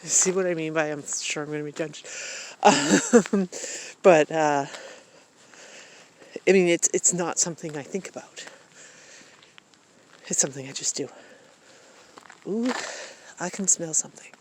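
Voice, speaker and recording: A woman's voice: sits low, measured pace, pauses often, slight background noise. A middle-aged woman from Maine, talking outdoors in the woods in a reflective, hesitant monologue full of ums and restarts. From Maine, USA. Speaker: vlogger.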